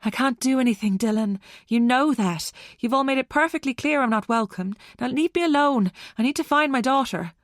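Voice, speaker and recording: A woman's voice: on the high side, normal speed, hardly any pauses, a little mellow, no echo, clean studio sound, voice pushed up, lightly acted. A woman voicing an anxious adult mother who snaps and pleads in a raised, tense voice. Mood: frantic, snappy.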